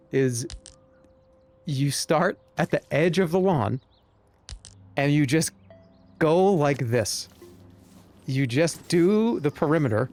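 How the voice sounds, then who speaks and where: A man streaming a game live, chatting to viewers in a joking, rambling way. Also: a little high. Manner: joking, rambling, talks to chat. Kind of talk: live-stream gameplay commentary.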